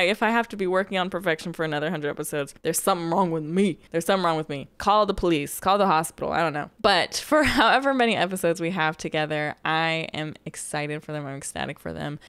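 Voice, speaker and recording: A young woman who makes gaming videos, talking casually and warmly to her viewers in a chatty, gushing way with lots of "like.". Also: on the low side, smooth, no echo. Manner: chatty, gushing, says "like" often. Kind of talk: casual heartfelt talk to viewers.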